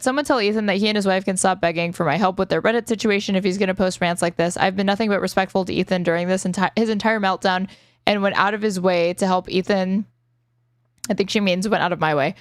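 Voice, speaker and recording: Smooth-voiced woman recapping online drama. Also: medium pitch, no room sound, studio quality. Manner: rambling, filler-heavy retelling with many "like"s. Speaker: online commentator. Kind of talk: casual commentary recap.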